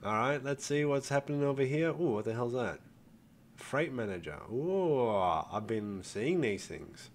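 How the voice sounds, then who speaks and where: A man's voice: medium pitch, animated, a little slow, slight background noise. Older man chatting through gameplay. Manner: chatty, thinks aloud, swears freely, addresses viewers as folks. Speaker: gaming channel host. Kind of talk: casual gameplay commentary.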